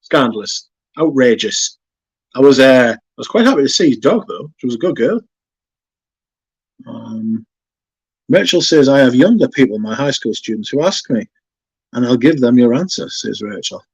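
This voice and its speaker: A man hosting a fragrance livestream, chatting casually and reading viewer comments aloud in a relaxed, chatty way. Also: mid-range voice, normal speed, long pauses, husky, dry recording. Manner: relaxed, chatty, yawning now and then.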